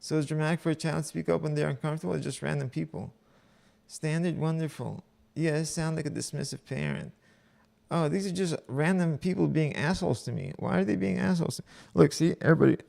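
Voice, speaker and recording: A man's voice: fairly high pitch, fairly quick, gravelly, a little mellow. A man streaming himself reading online posts aloud and reacting with profane, exasperated commentary.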